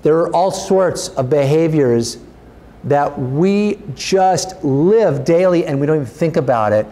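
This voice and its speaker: Earnest pastor with a mellow voice. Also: male voice, lively intonation, measured pace. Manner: earnest, urging, rises in pitch when exhorting. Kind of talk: sermon.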